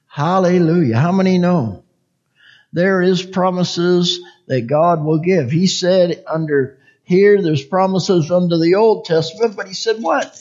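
High-voiced preacher man, unhurried and fervent. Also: muffled recording. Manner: preaching, swells into loud impassioned pleading prayer. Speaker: pastor. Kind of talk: sermon.

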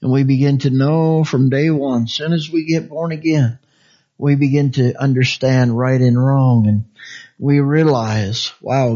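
Preaching in a chatty, homespun style, this man chuckles frequently and moves sharply from high, energetic lines to soft, hushed ones. The audio has a dull, lo-fi quality.

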